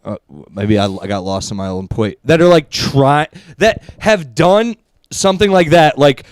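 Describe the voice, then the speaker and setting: Male comic co-host, animated and crude, pitch swinging widely, dry close mic. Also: unhurried, dry recording. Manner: animated, laughing often, profane. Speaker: podcast co-host, stand-up comedian. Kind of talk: casual chat.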